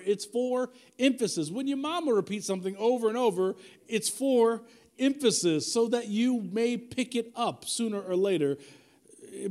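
A man in his forties preaching a sermon, talking casually, repeating himself for emphasis, and leading the prayer in a quieter voice. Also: high-pitched. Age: 40s. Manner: conversational preaching with repetition and asides. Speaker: pastor.

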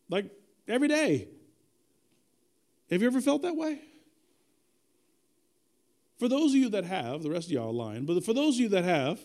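Animated, high-voiced male preacher. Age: adult with children. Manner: animated, conversational storytelling with humor. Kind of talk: sermon.

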